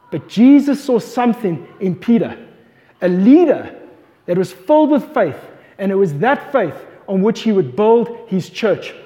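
A man's voice: high voice, very animated, normal speed, warm tone, highs cut off. A man preaching a sermon, retelling a scripture story with passion and asking his listeners questions. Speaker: pastor. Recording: long hall reverb.

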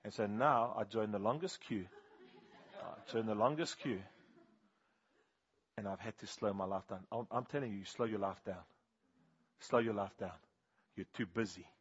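A man preaching a sermon, telling animated stories and swinging from loud bursts to hushed, slow appeals. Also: on the low side, slightly rough. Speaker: pastor. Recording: dull, muffled sound.

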